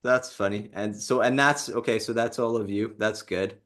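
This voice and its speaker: A man's voice: fairly low pitch, fairly even intonation, normal speed, a bit bright. A man hosting a casual interview, asking questions and giving short replies. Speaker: interviewer host.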